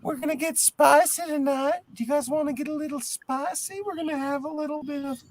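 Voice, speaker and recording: Brief: flirty drag lady persona, sultry and high, put on by a man. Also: steady tone, fairly quick. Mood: teasing.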